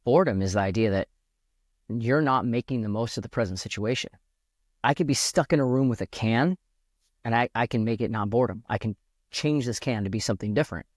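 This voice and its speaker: A man's voice: medium pitch, fairly quick, no room sound. Earnest man musing in a dry room. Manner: earnest, thinks aloud with restarts. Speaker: podcast guest. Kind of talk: reflective casual conversation.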